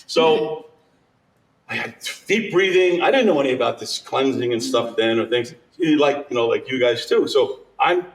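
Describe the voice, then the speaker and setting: A man telling a ghost story to a live audience, animated and laughing through his own tale. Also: medium pitch, moderate pace. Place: curiosity shop event with live audience. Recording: echoey room, far from the mic.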